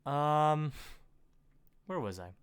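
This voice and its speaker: A man's voice: on the high side, animated, very slow, smooth, no echo, studio quality. A man reading a script aloud for comedy, breaking off into exasperated rants and jokes. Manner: exasperated and ranting. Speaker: reader riffing on a script.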